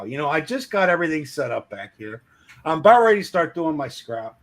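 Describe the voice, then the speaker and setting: A man telling a crude work story in casual chat, acting out the shouting of his coworkers. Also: on the high side, normal speed. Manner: animated, acts out shouting coworkers.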